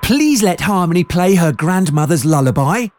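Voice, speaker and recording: A storyteller voicing Scribbles, a patient young friend who pleads gently. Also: mid-range voice, expressive, moderate pace, natural voice. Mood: pleading.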